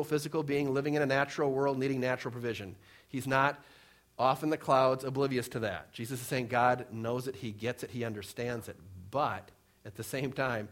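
A male pastor preaching a sermon, reading scripture and explaining it, swinging between emphatic rises and soft, low drops.

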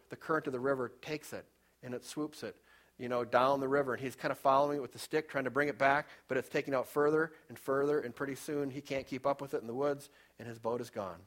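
Fervent male preacher telling a story. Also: mid-range voice. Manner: storytelling, rises and drops in loudness for emphasis. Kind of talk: sermon.

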